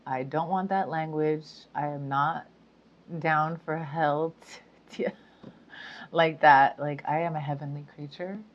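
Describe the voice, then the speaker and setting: A woman's voice: deep voice, steady tone, a little slow. A woman talking casually to her viewers, chatty with frequent giggles and fillers. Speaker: spiritual speaker. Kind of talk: casual monologue to camera. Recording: dull lo-fi sound.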